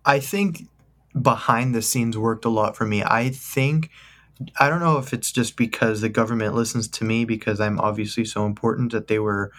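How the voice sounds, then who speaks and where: A man's voice: fairly low pitch, steady tone, moderate pace, a bit bright. A young man co-hosting a podcast, talking casually in a joking, rambling, enthusiastic way. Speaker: podcast co-host. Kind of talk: casual chat.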